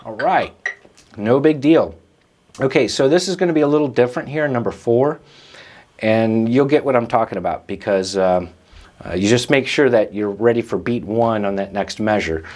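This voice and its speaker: A man's voice: mid-range voice, moderate pace, darkish tone. A man hosting a drum lesson, explaining rhythms patiently and counting the beats aloud. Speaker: drum teacher and host.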